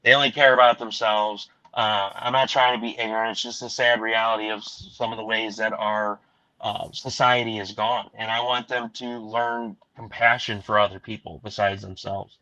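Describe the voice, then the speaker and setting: A middle-aged man hosting a casual podcast talks through his charity comic project in an eager, rambling way. His voice has a tense, forceful edge, and the recording sounds dull and lo-fi. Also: normal speed. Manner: earnest, excited, rambling pitch. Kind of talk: casual chat.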